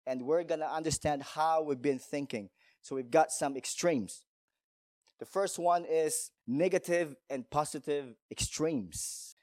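Male pastor, emphatic sermon, fairly high voice, dry close sound, rhetorical questions. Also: a little mellow, no room sound.

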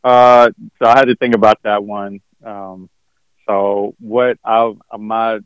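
A man's voice: on the low side, flat delivery, slow, clear, resonant tone, dry recording, low-quality recording. Hesitant man, a podcast guest. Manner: hesitant, many "like" and "um" and restarts. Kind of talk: casual podcast chat.

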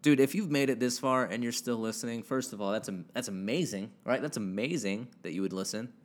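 Speaking fairly quickly in a medium-pitched voice, a young man records a casual solo podcast from his house with only his dog for company. He rambles, jokes at himself, and swears casually, right up against a home podcast mic with the gain cranked up.

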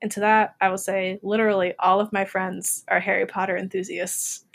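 A woman in her twenties co-hosting a casual podcast, chatty and quick to laugh as she tells stories. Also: medium pitch, flat delivery, vocal fry. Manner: giggly, chatty storytelling. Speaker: podcast co-host. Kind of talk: casual chat.

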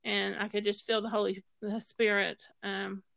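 A woman tells a personal story with plenty of ums and restarts, dropping into the voices of the people she quotes. Her voice is bright, smooth and gravelly. The recording is close and dry. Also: mid-range voice, flat delivery, moderate pace, dry recording, rough recording. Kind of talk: personal testimony in conversation.

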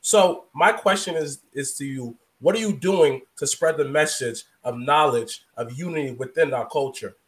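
A podcast host who asks long, rambling questions in a casual tone. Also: male voice, fairly high pitch, normal speed, hardly any pauses. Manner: meandering, long-winded questions.

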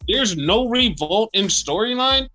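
Male podcast co-host, casual and animated, swears a lot, high voice, faint music behind. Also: a little slow. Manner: animated, swearing, acts out wrestler rants. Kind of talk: casual wrestling chat.

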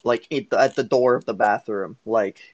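Laid-back low-voiced podcast host. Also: male voice, normal speed, no room sound, highs cut off. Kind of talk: casual music review chat.

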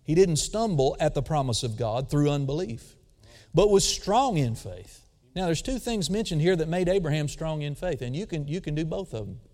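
Booming preacher in a reverberant hall. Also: male voice, lively intonation, normal speed. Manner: dramatic swings between booming emphasis and quiet asides; calls for audience response. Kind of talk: sermon. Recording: long reverb of a large hall.

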